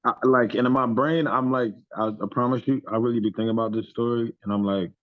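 A man in his thirties telling stories as a podcast guest, animated and profane with lots of "you know what I'm saying". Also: medium pitch, quick pace, dry recording. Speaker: podcast guest, former pro basketball player. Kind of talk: storytelling in casual chat. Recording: tinny phone-like line, dry.

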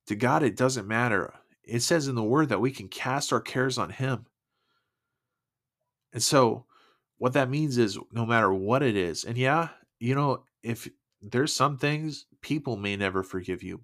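A man sharing his personal faith testimony in an earnest, emotional, halting way. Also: mid-range voice, a bit bright.

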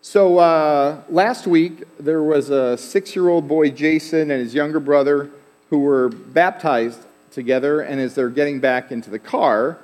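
A man preaching a sermon as pastor, in a relaxed, conversational way with fillers and asides. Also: on the high side, measured pace. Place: church sanctuary. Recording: long hall reverb.

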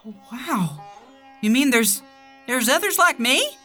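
A woman's voice: high-pitched, big pitch swings, slow, sharp tone, faint music behind, heavily acted. A woman playing a nervous, stammering young country man. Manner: nervous, stammering, wide-eyed. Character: naive young small-town man dreaming of stardom.

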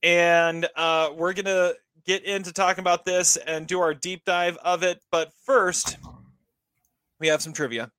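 A man's voice: sits high, level tone, sharp tone, clear, resonant tone, no echo. A man hosting a casual movie podcast and running a trivia quiz. He often stumbles and repeats words as he talks. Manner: halting, repeats words while talking.

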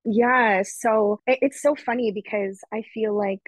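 A woman's voice: mid-range voice, steady tone, a little slow, no room sound, rough recording. A woman guest talking earnestly about her faith in a casual conversation, often quoting her own prayers aloud.

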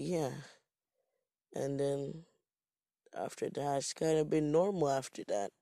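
A man's voice: fairly high pitch, gravelly, mellow, no room sound, clean studio sound. A man from Jamaica telling a rambling, profane, self-mocking story in a casual monologue.

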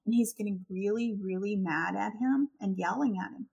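A woman co-hosting a podcast in casual conversation. She tells her stories in an animated way, acts out what people said, and laughs often. Her voice sits at a middle pitch. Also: normal speed, vocal fry, husky. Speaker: podcast co-host.

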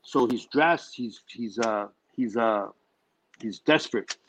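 A filmmaker guest chatting casually in an interview, rambling through animated stories with lots of restarts. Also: male voice, medium pitch, takes it slowly, a little hiss or hum, rough recording.

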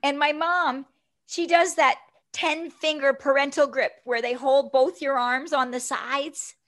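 High-pitched and steady in pace, a woman in her fifties shares a story from her own life as a guest. She's animated and conversational, regularly asking "right?" along the way.

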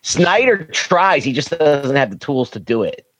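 A man's voice: mid-range voice, big pitch swings, measured pace, a bit bright, no echo, lo-fi sound. A man co-hosting a casual podcast chat, giving blunt opinions. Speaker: podcast co-host.

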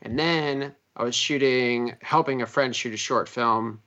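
A man's voice: mid-range voice, unhurried, lo-fi sound, heavy background noise. A man from Minnesota, a filmmaker guest in casual interview chat, rambling through his stories with many restarts.

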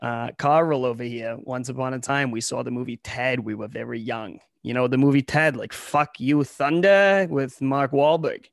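A man's voice: medium pitch, fairly even intonation, normal speed, creaky, hardly any pauses, no room sound, studio quality. A young man from Ohio co-hosting a comedy podcast in a casual chat, full of sarcastic, ironic riffs. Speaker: podcast co-host.

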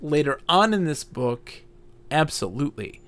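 A man co-hosting a podcast, casually retelling a fantasy novel in an animated way with many fillers. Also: on the high side, measured pace. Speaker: podcast co-host. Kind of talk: casual book discussion.

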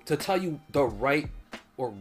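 Animated, blunt woman podcast co-host. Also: low-pitched, a little slow, soft background music. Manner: blunt, swears freely, animated. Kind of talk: casual chat.

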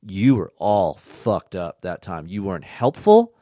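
A man's voice: deep voice, big pitch swings, unhurried, mellow, no echo, studio quality. Blunt, profane man hosting a podcast. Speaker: podcast host. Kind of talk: casual podcast chat. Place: studio.

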